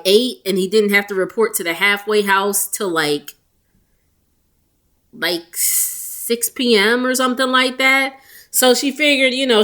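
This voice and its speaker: A recap vlogger chats casually through a reality show, laughing often and quoting the cast in quick voices. Her voice is medium-pitched and a bit bright.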